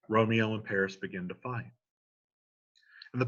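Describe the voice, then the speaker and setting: Husky-voiced man explaining a play. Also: lowish voice, moderate pace, pauses often, a bit bright, highs cut off. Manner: casual, retelling in everyday slang. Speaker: teacher.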